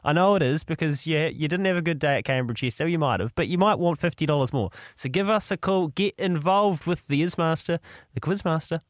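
A New Zealand man co-hosting breakfast radio in a high voice, teasing listeners and pushing them to call in. The delivery is brisk and salesy, and the sound is dry and close. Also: no room sound. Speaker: radio co-host. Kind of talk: casual breakfast radio promo.

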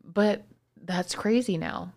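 A young woman co-hosting a podcast in casual chat, animated and swearing freely, acting out little voices. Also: lowish voice, takes it slowly. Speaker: podcast co-host.

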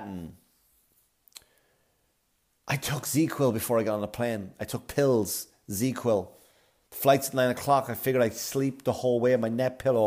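A middle-aged man telling a long comic story, profane and rambling, with loud outbursts. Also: on the low side. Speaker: comedian. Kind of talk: storytelling comedy rant.

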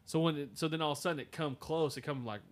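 A man hosting a podcast, telling a story in a casual, halting way with many fillers and restarts. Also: fairly high pitch, a little hiss or hum. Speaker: podcast host.

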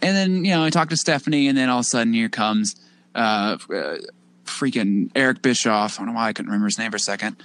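A man's voice: mid-range voice, animated, quick pace, fairly bright tone, clear, resonant tone. A man co-hosting a podcast, casually recapping a show with rambling asides and laughter. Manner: rambling, laughing, acts out quotes. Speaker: podcast co-host. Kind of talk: casual chat recapping wrestling.

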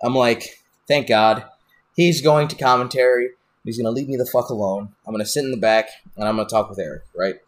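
Profane, animated male storyteller. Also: mid-range voice, a little fast. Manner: profane, animated, rambling with many restarts. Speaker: podcast guest, wrestler. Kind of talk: casual storytelling.

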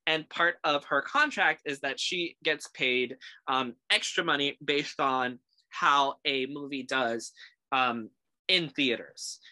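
A chatty podcast host with a bright, forward voice, talking loosely and laughing often between points. The sound is dry and close, with no room around it. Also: medium pitch, takes it slowly, dry recording. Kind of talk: casual chat.

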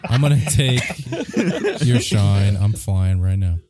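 Laid-back male player, slow and lively-pitched, joking banter. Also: no room sound. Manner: joking, laughing, swears. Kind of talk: casual tabletop banter.

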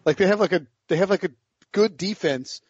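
A man's voice: high voice, fairly quick, a little mellow, husky, no room sound. A man hosting a sports podcast, ranting in a fired-up, casual way about football picks. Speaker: podcast host. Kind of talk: casual sports betting talk. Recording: dull lo-fi audio.

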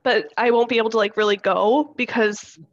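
A woman's voice: on the high side, fairly even intonation, brisk. Young woman co-host rambling casually w/ lots of "like", kinda dull lo-fi sound. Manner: chatty, many fillers like "like". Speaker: podcast co-host. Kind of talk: casual chat.

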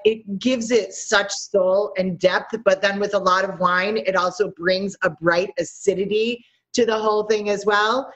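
A middle-aged woman chef in an interview, talking in an animated, storytelling way and laughing often. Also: mid-range voice, a little slow. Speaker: chef guest. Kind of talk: interview conversation. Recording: slightly dull lo-fi audio.

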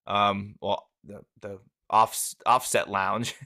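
A man's voice: lowish voice, little pitch movement, slow, pushed and bright. A man co-hosting a casual sports podcast, reading facts aloud with jokey asides and laughs. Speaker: podcast co-host.

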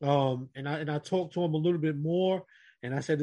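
A man's voice: fairly high pitch, fairly quick, dark tone. A man leading a casual group podcast chat, telling an earnest personal story and speaking directly to the others around him.

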